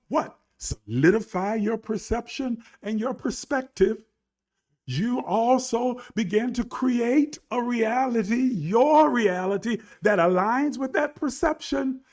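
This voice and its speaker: A man preaching a livestreamed sermon, building from low talk to shouted emphasis and calling on listeners to respond. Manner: calls on online listeners to respond.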